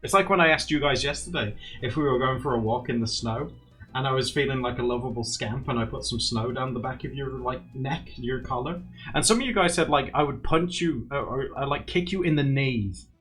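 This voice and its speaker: A man's voice: mid-range voice, brisk, a bit bright. A young man hosting a casual livestream, chatting with viewers and reading their comments, laughing often. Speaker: livestream host. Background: faint background music.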